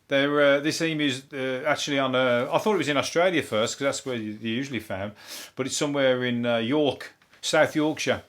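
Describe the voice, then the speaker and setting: Deadpan Brummie man hosting a comedy podcast. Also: mid-range voice, a little fast. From England. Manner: dry deadpan delivery with frequent swearing and filler ums. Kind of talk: rambling topical comedy monologue.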